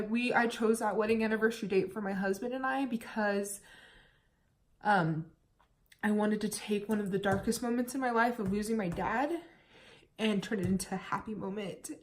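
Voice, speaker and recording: A young woman from the United States telling her own story in a candid, chatty vlog, at times holding back tears. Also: medium pitch. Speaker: vlogger.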